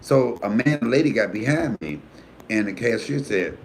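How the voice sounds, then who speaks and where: A man who is a comedian hosting his own live stream, chatting casually and frankly, with animated storytelling and cussing. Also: normal speed, a little hiss or hum. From United States. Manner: animated storytelling, voice jumping high for quoted friends; profanity-laced, frank. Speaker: comedian and YouTube host.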